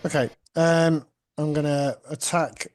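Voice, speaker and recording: A man's voice: fairly high pitch, fairly even intonation, slow pace. A man playing a tabletop game, casual and self-deprecating about his dice rolls. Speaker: player. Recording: faint guitar music behind.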